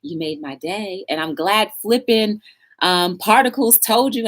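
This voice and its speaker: A woman's voice: fairly high pitch, animated, normal speed. A woman hosting a casual live-stream talk show, chatting straight to her viewers and reading quotes aloud with emphasis.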